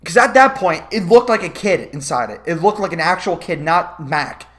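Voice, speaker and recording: At a moderate pace and medium pitch, this vlogger delivers a funny, casual movie review that turns into a rant. It's profane and lively, with frequent laughter.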